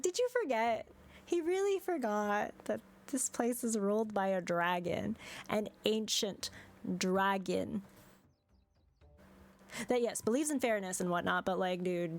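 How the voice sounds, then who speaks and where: A woman's voice: a little high, animated, measured pace, long pauses, soft background music. A young woman streaming a game, chatting casually and exasperated, with frequent swearing and laughter.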